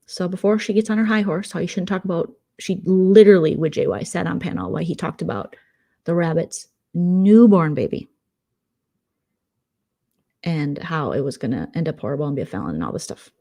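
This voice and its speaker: A young adult woman vlogger does casual late-night commentary, retelling drama in a gossipy, sarcastic, animated way. She speaks briskly in a lowish voice.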